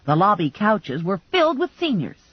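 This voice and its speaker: Female narrator, husky, dry close mic with dull lo-fi sound; wry, lively comic storytelling. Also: medium pitch, moderate pace, dry recording. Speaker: audiobook narrator. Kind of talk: first-person audiobook narration.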